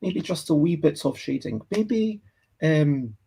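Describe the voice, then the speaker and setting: A man's voice: a little high, sing-song, slow, gravelly, dark tone, slight background noise. A Scottish man drawing on a livestream, chatting casually and thinking aloud as he reads and answers comments from the chat. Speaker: livestreaming artist.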